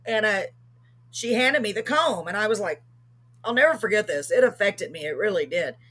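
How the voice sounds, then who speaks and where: A woman with a husky, slightly breathy voice tells a long story as host of a live show. She rambles casually, full of ums and quick self-corrections. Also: mid-range voice, animated, a bit bright.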